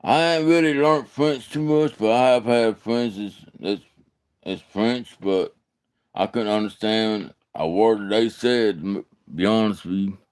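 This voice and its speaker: A man with a Southern American accent chats on his livestream, answering viewers in a loose, folksy ramble that stalls and repeats words. His voice sits on the lower side and sounds smooth, recorded dry and close. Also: measured pace, darkish tone, no echo. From Alabama, USA. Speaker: livestream host. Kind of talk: casual livestream chat answering comments.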